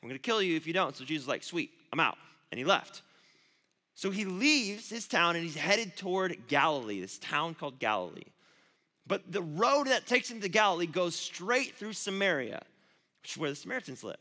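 A man, a youth pastor, giving a casual, storytelling sermon with animated asides. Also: sits high, moderate pace. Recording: long reverb of a large hall.

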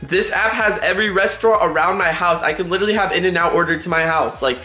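A young man with a Californian accent vlogging casually, excitable and full of "like". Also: high-pitched, fast, reverberant, soft background music. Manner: excitable, says "like" a lot, gets scared and loud. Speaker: YouTube vlogger. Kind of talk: casual vlog talk. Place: room at home.

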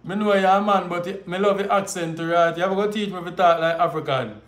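Teasing high-voiced Jamaican man. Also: quick pace, a bit bright, echoey room. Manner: playful, teasing, laughs often. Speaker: livestream host. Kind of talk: casual chat.

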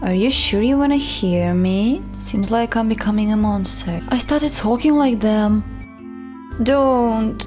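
A woman's voice: medium pitch, a little slow, a little mellow, soft background music. A woman giving chatty, playful let's-play commentary, cooing at a virtual pet. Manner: chatty, playful, talks to her pet like a baby. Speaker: gaming YouTuber.

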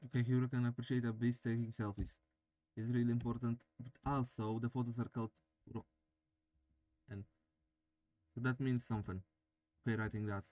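A man's voice: medium pitch, level tone, brisk, long pauses, mellow. A man playing a video game, reading the on-screen text aloud and joking between lines. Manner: reads game text aloud and jokes with himself. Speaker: let's play gamer.

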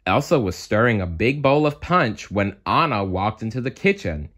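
Animated man reading a storybook. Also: fairly low pitch, normal speed.

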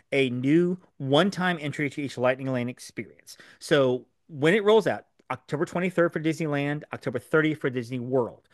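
Man, podcast co-host, quick delivery, somewhat high voice, dry studio sound. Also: no echo. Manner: fast, animated explainer with many fillers. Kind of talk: casual podcast chat.

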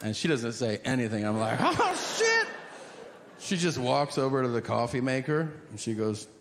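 A man's voice: mid-range voice, a little fast, slight background noise. A man performing stand-up comedy, telling stories in a dry, conversational way. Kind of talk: stand-up set. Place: comedy stage. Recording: hall reverb with audible ambience.

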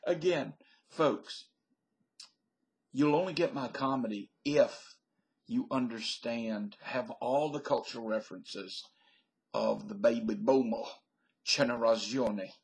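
A man's voice: mid-range voice, slow pace, gravelly, pauses often, rough recording. An older man rambling through a stream-of-consciousness comedy monologue into a webcam at home, laughing at his own jokes. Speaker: vlogger.

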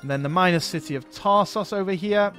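A man's voice: sits high, brisk, fairly bright tone, soft background music. Chatty man thinking aloud over a game. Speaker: let's play host. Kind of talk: casual strategy game commentary.

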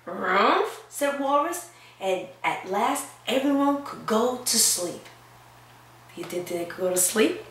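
A woman's voice: fairly high pitch, animated, measured pace, echoey room, far from the mic. A preschool teacher, a woman, reading a picture book aloud expressively and asking the children questions.

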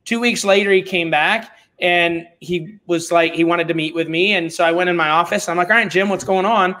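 A middle-aged man talking as a podcast guest, telling stories in a blunt, animated, informal way. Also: high voice, fairly quick. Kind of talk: casual conversational storytelling.

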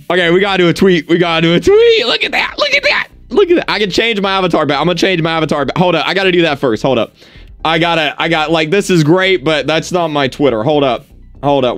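A young man streaming live, overjoyed and repeating the same excited exclamations again and again. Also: mid-range voice, clear, resonant tone, no room sound. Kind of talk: live gaming stream reaction.

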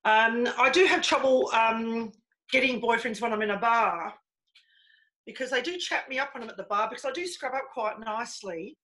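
Bawdy woman with a bright voice. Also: a little high, normal speed, rough recording. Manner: brash, bawdy and chatty. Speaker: stand-up comedian. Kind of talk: stand-up set over video call. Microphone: video call.

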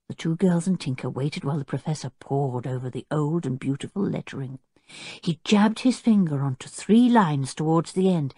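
A woman narrating a children's audiobook in a clear, expressive storytelling manner. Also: low voice, moderate pace, no room sound, studio quality. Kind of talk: scripted narration.

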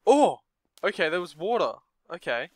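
A young man commentates on a game, reading the story text aloud while throwing in nervous asides and startled outbursts. His high voice swings widely in pitch at a moderate pace, with no room sound.

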